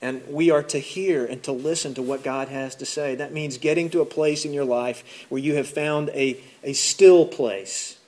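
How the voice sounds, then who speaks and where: A man's voice: medium pitch, steady tone, normal speed, hardly any pauses, darkish tone. A man preaching a sermon as pastor, talking in a conversational way and often repeating words as he goes. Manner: acts out listeners' voices in his retelling.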